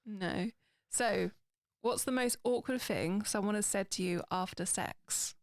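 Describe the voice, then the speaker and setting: A woman's voice: mid-range voice, unhurried, no echo, clean studio sound. A woman cohosting a podcast who laughs often and reads listener submissions aloud in casual chat. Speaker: podcast co-host.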